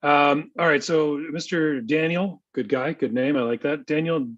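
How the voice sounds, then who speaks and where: A man's voice: a little high, steady tone, normal speed. A man co-hosting a casual business podcast who jokes, mocks himself and mostly chimes in with short replies. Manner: joking, self-deprecating, short backchannels. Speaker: co-host. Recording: slightly dull lo-fi sound.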